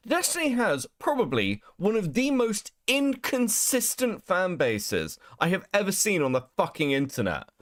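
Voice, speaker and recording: A man's voice: medium pitch, fairly bright tone, no echo, clean studio sound. A man hosting a livestream, talking casually with a mocking, profane edge and frequent laughter. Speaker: streamer host.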